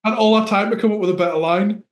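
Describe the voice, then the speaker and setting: A man's voice: high voice, steady tone, quick pace. A man with a northern English accent, chatting casually on a podcast and laughing as he retells film scenes. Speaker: podcast co-host. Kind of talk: casual chat. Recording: echoey room.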